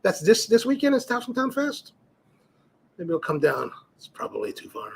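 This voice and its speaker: A middle-aged man hosts a casual live stream, talking loosely and circling back on himself as he tells a story. His voice is gravelly and a little husky, and his pitch sits on the high side with lots of rise and fall. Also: wildly swooping pitch, moderate pace. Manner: rambling, storytelling, frequent restarts and fillers. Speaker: cigar livestream host. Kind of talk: casual live-stream chat reading viewer comments.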